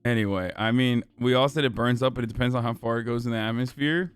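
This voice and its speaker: A young man streaming, chatting with his audience in a profane, mocking way and breaking into loud laughs. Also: mid-range voice, fast talker, clear, resonant tone. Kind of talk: casual livestream chat.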